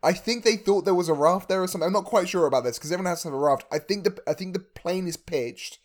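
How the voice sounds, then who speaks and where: A man's voice: high voice, fast talker. A man co-hosting a casual film chat, thinking aloud and often repeating words as he goes. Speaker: podcast co-host.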